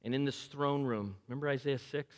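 An older man preaching a sermon as pastor, swinging between loud urgent lines and hushed, near-whispered quotes. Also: medium pitch, fairly quick. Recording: long hall reverb.

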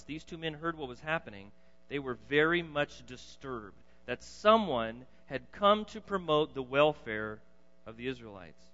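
A man preaching a sermon, swinging between loud emphatic bursts and quiet low asides. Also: expressive, normal speed. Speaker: pastor. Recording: dull lo-fi sound in a reverberant hall.

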